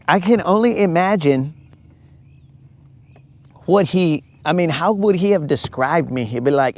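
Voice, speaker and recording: A man's voice: on the high side, moderate pace, pauses often, dry recording. A man hosting a live fishing stream from a boat outdoors, chatting casually and bantering jokingly with his viewers.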